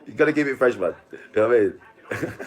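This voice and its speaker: A man's voice: mid-range voice, expressive, normal speed. A middle-aged man chatting on a live stream, boastful, crude and rambling, laughing often. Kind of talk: boastful casual chat with friends.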